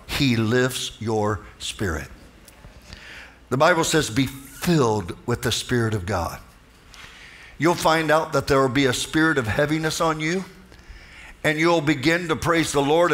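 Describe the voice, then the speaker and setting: A man's voice: medium pitch, a bit bright. A man preaching a fervent sermon as pastor, calling out to the congregation for responses.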